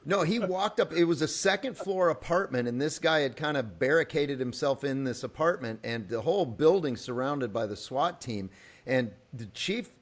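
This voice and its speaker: A man hosting a podcast, telling a story in a relaxed, detailed way with small asides. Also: a little high, moderate pace. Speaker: podcast host. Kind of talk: casual conversational interview.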